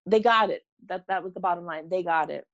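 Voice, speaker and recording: A woman's voice: lowish voice, a little fast, a bit bright, dull audio. A middle-aged woman, a former teacher, chatting as a podcast guest. She brings her stories to life, putting on the voices of the people in them. Her voice sounds dry and close, with no room echo. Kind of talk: conversational storytelling.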